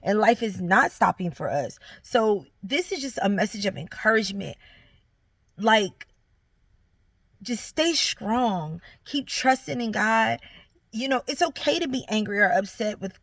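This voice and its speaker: A woman's voice: fairly high pitch, expressive, a little slow, fairly bright tone, dry recording. A young woman, giving an earnest, encouraging faith testimony straight to her viewers. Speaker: vlogger sharing her story. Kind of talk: heartfelt faith testimony to camera.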